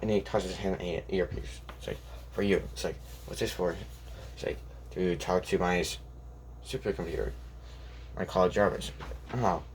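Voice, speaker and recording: A man's voice: low-pitched, steady tone, moderate pace, gravelly, long pauses, a little hiss or hum. A young man telling an improvised fan story, rambling with constant restarts and quoting each character's lines in his own plain voice.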